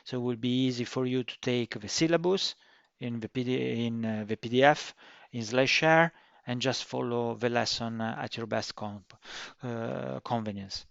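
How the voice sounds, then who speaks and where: A man's voice: mid-range voice, a bit bright, dry recording. Man teaching. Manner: non-native phrasing with frequent fillers and restarts; says he tries to speak slowly and clearly. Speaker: course instructor. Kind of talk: course introduction lecture. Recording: dry, dull lo-fi recording.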